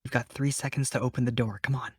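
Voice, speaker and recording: A big tailed creature heroine, as a man puts her on in a tabletop game, pushy yet pleading as she bargains. The voice is mid-pitch and dry. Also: fairly even intonation, quick pace, darkish tone, breathy edge, dry recording, close to an everyday voice.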